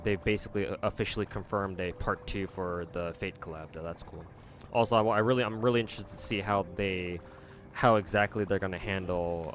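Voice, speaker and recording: A man's voice: sits low, fairly bright tone, slight background noise. A man streaming live, chatting casually to his viewers and rambling with many fillers.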